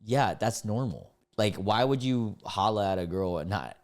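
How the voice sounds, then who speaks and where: A man doing casual reaction commentary on online posts, full of slang like "dude" and "bro", with sudden high, loud outbursts. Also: animated, normal speed.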